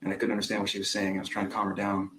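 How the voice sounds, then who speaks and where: A man's voice: lowish voice, completely flat delivery, rapid-fire, a bit bright, slight background noise, poor audio. A young man testifying as a witness in court, recounting events hesitantly with frequent ums. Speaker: trial witness.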